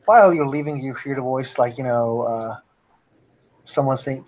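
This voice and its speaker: A man's voice: medium pitch, moderate pace, darkish tone. Casual man narrating a tabletop game. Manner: casual, with fillers. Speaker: game master. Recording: dull lo-fi recording with faint hiss.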